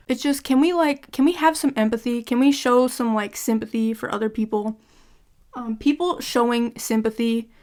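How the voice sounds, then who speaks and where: Young woman venting on her channel, kinda high voice, blunt and fed up, swears a lot. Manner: exasperated, blunt, heavy swearing. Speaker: gaming content creator. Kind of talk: ranting vlog monologue.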